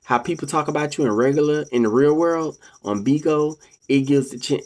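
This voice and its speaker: Preachy vlogger lecturing ladies and gentlemen. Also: mid-range voice, fairly quick. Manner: acts out quoted people in a raised voice. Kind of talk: casual spoken monologue to viewers.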